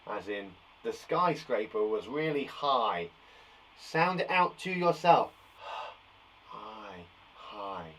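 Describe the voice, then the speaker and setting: Man, young children's teacher, playful, encouraging, sing-song lively voice. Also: mid-range voice, slight background noise. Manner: upbeat and playful, sings and jokes. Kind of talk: online phonics lesson for young children.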